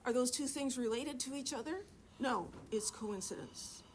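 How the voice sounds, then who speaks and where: A woman's voice: sits high, normal speed, slight background noise. Chatty woman teacher lecturing a class. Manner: chatty, joking, asks the class questions. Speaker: chemistry teacher.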